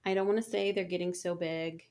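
A woman's voice: lowish voice, steady tone, brisk, a crowd in the background. A woman in her thirties chatting casually and candidly about parenting, swearing freely and restarting her sentences often. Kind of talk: casual chat.

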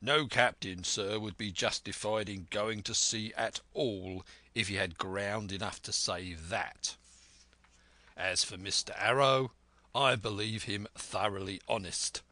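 A man voicing a stern, blunt sea captain who talks in a measured, firm way in a storybook reading. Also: fairly low pitch, fairly even intonation, sharp tone, no echo.

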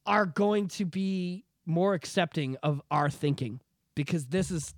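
A man's voice: sits high, steady tone, a little slow, dry recording, studio quality. A young adult man from Canada, hosting a podcast and ranting in casual, profane political chat with lots of repetition. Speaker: podcast host.

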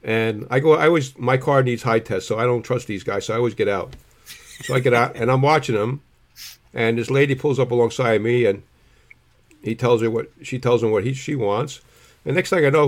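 Middle-aged man, blunt storyteller, casual co-host. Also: medium pitch. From New Jersey. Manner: blunt, storytelling, swears freely. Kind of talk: casual chat.

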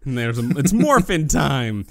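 A man's voice: medium pitch, big pitch swings, measured pace, creaky, a bit bright, dry recording, studio quality. A man co-hosting a casual podcast, joking and acting out characters' lines. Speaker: podcast co-host.

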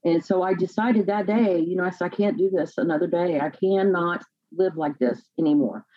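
A woman telling her own life story in a podcast interview, halting and repeating words as she fights back tears. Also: on the low side, lo-fi sound. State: near tears. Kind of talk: emotional personal testimony.

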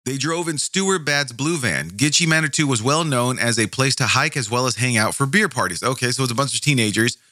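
A man's voice: medium pitch, expressive, fairly quick, hardly any pauses, bright, forceful tone, no room sound, studio quality. A man hosting a true crime podcast, reading case notes aloud and breaking off into profane, angry asides full of stammered restarts.

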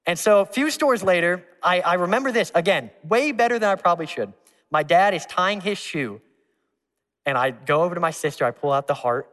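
A male pastor preaching a sermon, telling a personal story in a lively way, acting out voices and laughing along. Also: on the high side, fairly quick. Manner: animated, acts out voices, laughs at his own story. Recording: long reverb in a large hall.

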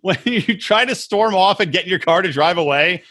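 A man with a bright, forceful voice and a lively, bouncing pitch, chatting as a podcast co-host. He is crude and mocking, swears freely and jumps into silly impressions of the people he quotes. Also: normal speed. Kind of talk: casual chat.

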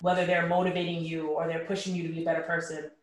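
A woman explaining her view in a casual group discussion, reflective with many "um" pauses. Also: lowish voice, little pitch movement. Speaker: discussion participant. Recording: echoey room, far from the mic.

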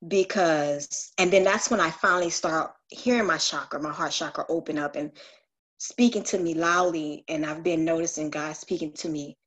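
A woman's voice: low voice, steady tone, moderate pace, fairly bright tone. A woman earnestly sharing a personal spiritual story on a group call, confessional and searching, with frequent restarts.

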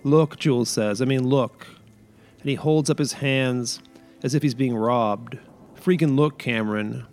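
A man reading a short story aloud, voicing a shaken, soft-spoken neighbor man who is losing his fingers. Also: mid-range voice, measured pace, faint music behind, close to an everyday voice. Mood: pleading.

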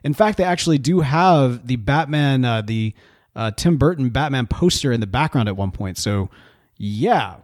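A man co-hosting a podcast in casual chat, animated and jokey, often breaking into laughter. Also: mid-range voice, moderate pace, no echo, clean studio sound. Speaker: podcast co-host.

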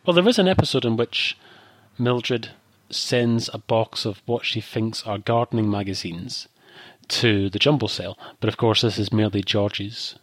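A man's voice: on the low side, moderate pace, dry recording. A man co-hosting a podcast, talking in a rambling, thoughtful way with frequent restarts. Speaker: podcast co-host. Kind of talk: casual chat.

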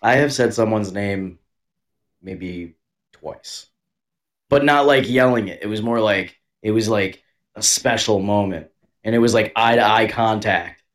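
A man's voice: fairly low pitch, a little slow. A man co-hosting a podcast in crude, joking chat, stumbling over repeated words and laughing often. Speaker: podcast co-host. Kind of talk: crude comedic banter.

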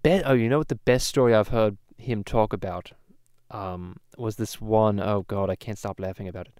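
A man's voice: fairly low pitch, normal speed, darkish tone, clean tone, no room sound, clean studio sound, natural voice. A man playing a crude cartoon baby boy in a parody podcast, rambling through stories with lots of swearing and restarts. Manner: rambling storyteller, swears a lot, many restarts. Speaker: podcast host. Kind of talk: casual parody podcast chat.

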